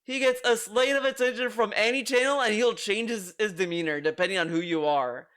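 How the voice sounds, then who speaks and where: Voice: medium pitch, fairly quick, a bit bright. A streamer giving exasperated, ranting commentary on a video, swearing freely. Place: home streaming room.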